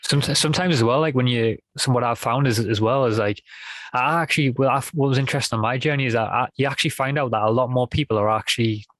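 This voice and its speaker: A man chatting as a guest on a podcast, his thoughts looping through false starts and little fillers. His voice sits at an ordinary middle pitch. The recording is dry and close, with no room sound. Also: quick pace, a bit bright, no room sound. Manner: rambling, many restarts and fillers. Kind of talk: casual conversation.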